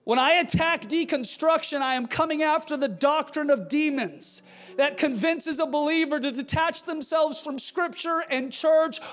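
A male pastor delivering a fiery sermon with forceful, shouted refrains. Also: extremely high pitch.

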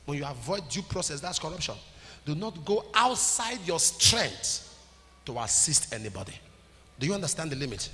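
Pastor preaching with a bright, high voice. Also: male voice, very animated, normal speed. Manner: preaching to a congregation, urging listeners to repeat after him. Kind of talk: sermon. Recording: long hall reverb with faint ambient noise.

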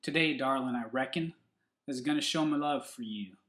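A man's voice: mid-range voice, moderate pace, fairly bright tone, roomy sound, lightly acted. A man voicing a country husband who recites a love poem to his wife, in a put-on Southern accent with a homespun drawl. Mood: folksy, affectionate.

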